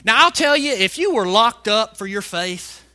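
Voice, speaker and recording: A male preacher delivering a fiery sermon, shouting some lines and stretching words out slowly for emphasis. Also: high voice, lively intonation. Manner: fiery, shouting emphasis with big swings in loudness.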